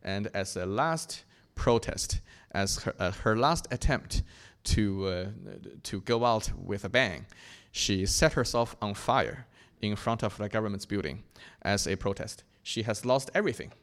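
A young man from China giving an earnest, reflective personal testimony, often pausing and restarting his sentences. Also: lowish voice, a bit bright. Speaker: speaker sharing his faith testimony.

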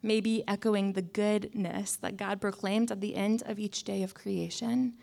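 A young adult woman preaching a conversational sermon in a wry, self-mocking way, often dropping to soft asides. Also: medium pitch, little pitch movement, measured pace, creaky.

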